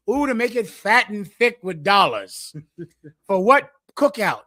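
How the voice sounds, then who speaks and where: A man preaching through scripture verse by verse, repeating his points forcefully and acting out an addict's pleading. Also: high-pitched, sing-song, unhurried, no echo, clean studio sound. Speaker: teacher leading a scripture breakdown.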